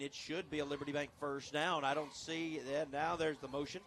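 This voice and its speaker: A man doing play-by-play for a local high school football game on radio, lively and chatty, joking at himself between plays. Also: brisk. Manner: lively, chatty, self-deprecating. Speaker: play-by-play announcer.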